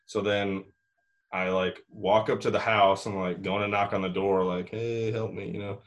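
A man's voice: sits low, little pitch movement, normal speed. A young man telling a long story in casual chat, rambling with lots of "like" and "you know" and the odd swear word.

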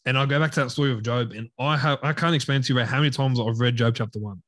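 A young man co-hosting a casual podcast speaks in a relaxed, candid way and calls his friend bro again and again. His pitch is medium. The sound is close-miked and dry. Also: rapid-fire, no room sound. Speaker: podcast co-host.

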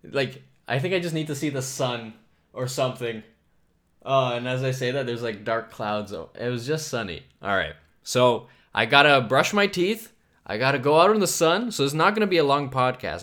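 A man's voice: mid-range voice, animated, moderate pace, a bit bright. A man hosting a solo podcast, rambling from topic to topic in a self-mocking, profane way. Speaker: podcast host.

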